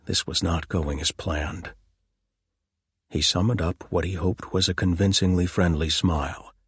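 Deep, husky male audiobook narrator. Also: fairly even intonation, a little slow, no room sound, studio quality. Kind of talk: scripted narration.

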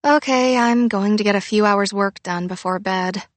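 A woman doing a brisk, sassy teenage girl. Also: medium pitch, no room sound, close to an everyday voice.

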